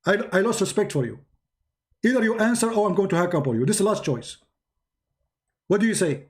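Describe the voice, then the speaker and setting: A man's voice: high-pitched, sing-song, a little fast. A man hosting a heated live-stream debate, insistent and repetitive, his voice wearing out. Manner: insistent, repeats himself. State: losing his voice. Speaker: debate show host. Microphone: computer mic on live stream.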